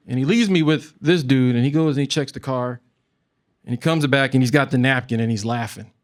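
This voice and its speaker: A man's voice: mid-range voice, brisk. A man telling a funny personal story live on stage, chatty, laughing as he goes and swearing now and then. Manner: conversational, comic, laughing through the telling; swearing, animated retelling. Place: live event before an audience.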